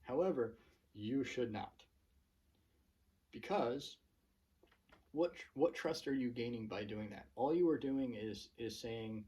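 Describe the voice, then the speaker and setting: Husky man ranting casually about tech, mic at a distance. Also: medium pitch, a little slow, warm tone. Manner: chatty, many fillers and restarts. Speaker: channel host. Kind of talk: casual tech rant to camera.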